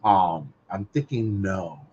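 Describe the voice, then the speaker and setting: A man filling in as guest co-host on a golf betting podcast, talking haltingly with plenty of fillers. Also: deep voice, darkish tone, highs cut off. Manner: halting, filler-heavy talk. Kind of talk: casual golf betting chat.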